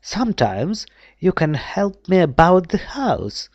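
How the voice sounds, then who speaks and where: A woman voicing a kindly, caring mother in a storybook, gentle and motherly. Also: fairly low pitch, very animated, slow, dry recording, highs cut off, pitched above the performer's own voice, heavily acted.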